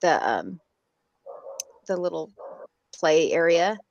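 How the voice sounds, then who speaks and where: A woman's voice: lowish voice, sing-song, takes it slowly, gravelly, darkish tone, lo-fi sound. A woman co-hosting a podcast, chatting casually and rambling with restarts. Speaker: podcast co-host. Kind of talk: casual chat.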